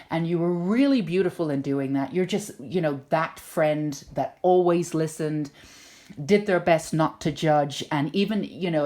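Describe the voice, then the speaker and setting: A woman giving a spoken tarot reading to her viewers, gentle and reassuring, often repeating words for emphasis. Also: sits low. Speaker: tarot reader and intuitive healer.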